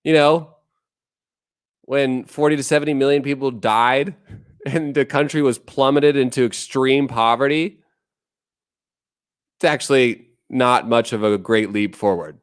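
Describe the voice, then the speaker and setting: Male streamer in his thirties, casual and profane, smooth voice, dry close-mic sound. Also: mid-range voice, measured pace, long pauses, no echo. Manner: blunt, profane, rambling, reads chat aloud. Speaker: livestream host. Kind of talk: casual livestream chat.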